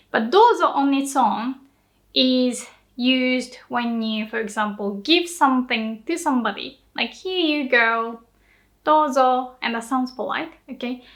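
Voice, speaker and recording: A young woman with a Japanese accent, teaching Japanese in a casual lesson, slowly repeating example phrases. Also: a little high, fairly bright tone.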